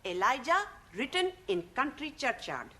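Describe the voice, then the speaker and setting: An actress playing a woman student reciting a poem in halting broken English. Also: high-pitched, sing-song, a bit bright, full character voice. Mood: earnest. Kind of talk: 1970s studio sitcom acting.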